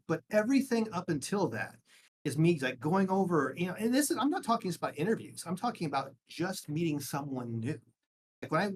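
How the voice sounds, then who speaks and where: A man guesting on a podcast interview, talking casually and self-deprecatingly, with frequent restarts. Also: on the high side. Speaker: guest, journalist and author.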